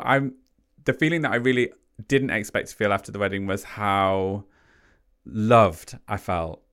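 A man, a podcast guest, telling a personal story in conversation in an animated way. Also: mid-range voice, smooth. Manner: animated, acts out quotes.

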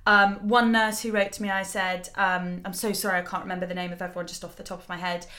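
A woman's voice: medium pitch, flat delivery, fast, bright, forceful tone. A young woman co-hosting a casual chat podcast, earnest and emotional, recommending and reading articles. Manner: emotional, earnest, easily moved to tears. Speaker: podcast co-host.

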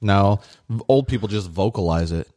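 A man's voice: on the low side, dark tone. Wisecracking man on a podcast. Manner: quick with jokes, teasing storyteller. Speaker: podcast co-host. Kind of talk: casual comedic chat.

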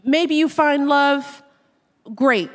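A woman's voice: sits high, drawn-out words, in a large hall. A woman hosting a podcast, talking earnestly and reflectively in a casual, heartfelt conversation. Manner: earnest, reflective, quotes others in lively put-on tones. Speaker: podcast host.

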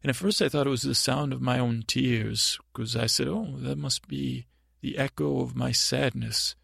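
An actor playing a timid, naive boy prince in an improvised comedy podcast, telling a story in a halting, stammering, meandering way. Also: medium pitch, fairly even intonation, gravelly, a bit bright, breathy edge, no echo, clean studio sound, full character voice. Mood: rambling. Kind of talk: improvised comic monologue.

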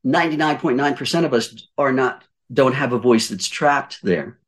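Speaking at medium pitch and a moderate pace, this older man coaches listeners on voice-over work as a podcast guest. He presses his points hard, says them more than once, and throws out rhetorical questions.

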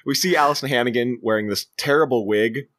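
A man co-hosting a casual movie review podcast, retelling scenes with quick put-on voices and frequent laughter. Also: mid-range voice, a bit bright. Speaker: podcast co-host.

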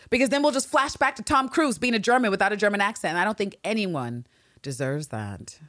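A woman co-hosting a casual podcast, animated and quick to laugh, swearing freely as she talks. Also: mid-range voice, no echo, studio quality. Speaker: podcast co-host.

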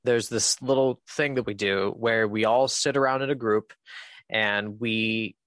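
A man as a podcast guest, telling a personal story in a candid, casual way, laughing often and filling pauses with "um". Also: lowish voice, fairly even intonation, a bit bright, dry recording.

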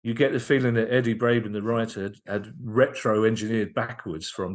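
Lively storytelling man, lowish voice. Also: moderate pace. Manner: lively, enthusiastic retelling with frequent restarts. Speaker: guest comedian and writer. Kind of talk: anecdotal storytelling in casual podcast chat.

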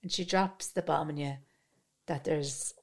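Woman, thirties, animated, profane, casual podcast chat. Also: low-pitched, unhurried. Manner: animated, swears freely, acts out quotes. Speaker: podcast co-host.

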